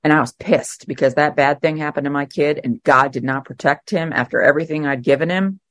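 A middle-aged woman speaking at a twelve-step meeting, sharing her recovery story in a candid, emotional way with halting fillers. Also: sits low, no room sound. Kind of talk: personal recovery share.

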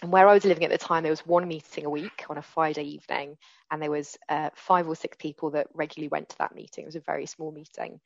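A gravelly, low-sitting voice with little pitch movement belongs to a fast-talking woman in her forties. She candidly and earnestly recounts her recovery as personal testimony, restarting sentences often. The recording is dry, with the highs cut off.

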